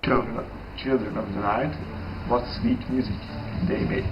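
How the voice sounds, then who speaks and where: An actor playing a sinister old vampire count, speaking slowly and theatrically in dull, roomy old film audio. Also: male voice, mid-range voice, fairly even intonation, over music, lightly acted. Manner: slow, theatrical.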